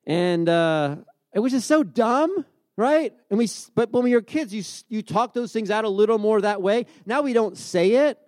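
In a studio-clean recording without echo, a pastor in his forties who grew up near the beach delivers a storytelling sermon full of restarts. He speaks conversationally at a moderate pace, his high voice expressive and a little mellow.

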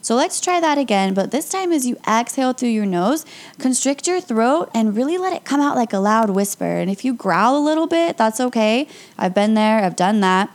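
A young woman, a yoga instructor and podcast host, talks listeners through calm breathing exercises in a casual, encouraging way. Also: on the high side, moderate pace. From Las Vegas area. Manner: calm, upbeat and encouraging, with light laughs.

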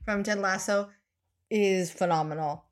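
A woman co-hosting a podcast, talking casually with lots of pauses and fillers. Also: medium pitch. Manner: hesitant, many fillers, laughs easily. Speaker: podcast co-host. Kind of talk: casual chat.

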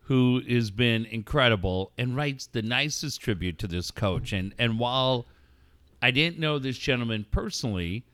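A man co-hosting a casual talk show, telling animated stories, swearing and laughing often. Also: mid-range voice, moderate pace, no echo. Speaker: radio co-host. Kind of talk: casual chat.

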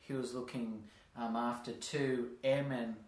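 A man's voice: mid-range voice, little pitch movement, a little slow, darkish tone. Man, podcast host, casual rambling chat, frequent laughter, roomy echo. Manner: rambling, laughs often, playful voices for examples.

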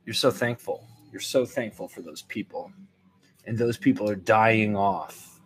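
An older man hosts a podcast solo, delivering a rambling, wry comic monologue to his listeners with animated swings into quoted voices. His husky voice is on the low side, and his pace is measured.

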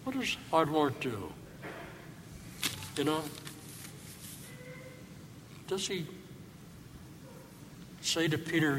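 A priest preaches to his congregation at an unhurried pace, a man with a middle-range voice. His words ring out in a long church reverb over faint room ambience. He leans on rhetorical questions, reflective and earnest. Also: a little high, expressive, a bit bright, slight background noise. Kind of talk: sermon.

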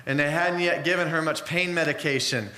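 A man's voice: fairly high pitch, fairly quick, pushed and bright, roomy sound. A man preaching a sermon in an earnest, conversational way, mixing in personal stories.

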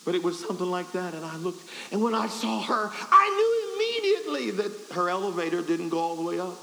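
A man's voice: high voice, huge pitch swings, a little fast, vocal fry, sharp tone. A man preaching at a revival, telling a folksy, self-deprecating story with stammering restarts. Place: revival service hall. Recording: echoey hall with faint hiss.

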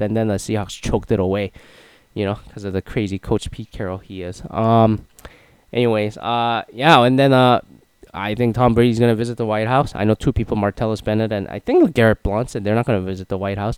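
Rambling young man, smooth dry voice. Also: lowish voice, no echo, low-quality recording. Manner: rambling, filler-heavy, opinionated. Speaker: sports commentator. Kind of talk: casual monologue.

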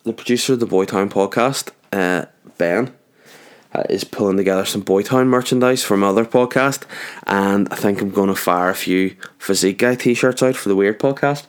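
A young man hosts his own podcast from his home garage, chatting solo in a jokey, rambling way and wandering off on tangents. His voice is lowish and clean, at a moderate pace.

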